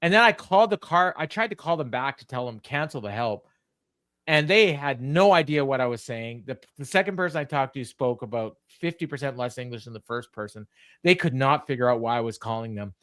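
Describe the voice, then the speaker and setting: A man's voice: medium pitch, lively intonation, a little fast, a bit bright, clean tone, dry recording, clean studio sound. A middle-aged man, co-hosting a casual podcast and telling long stories full of ums and restarts. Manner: rambling storyteller, many ums and restarts. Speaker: co-host.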